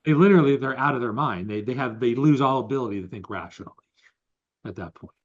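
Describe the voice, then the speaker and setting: A man's voice: medium pitch, fast, dull audio. A man co-hosting a podcast, chatting casually and explaining ideas with examples. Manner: animated, explains with examples and quotes. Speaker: podcast co-host. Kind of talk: casual conversation.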